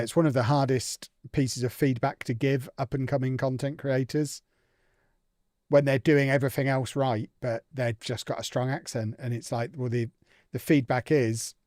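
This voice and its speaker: An English man chatting casually on a live stream while he plays a game, thinking out loud and reacting to it. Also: mid-range voice, fairly even intonation, moderate pace, no room sound, studio quality.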